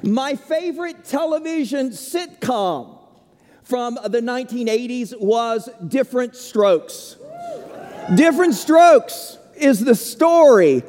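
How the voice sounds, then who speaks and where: A man with a strikingly high voice delivers a sermon at an unhurried, deliberate pace. He leans on key words and leaves long pauses between them. The sound carries the long reverb of a large church hall. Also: animated, a little mellow. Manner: slow, emphatic preaching with dramatic pauses. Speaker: pastor.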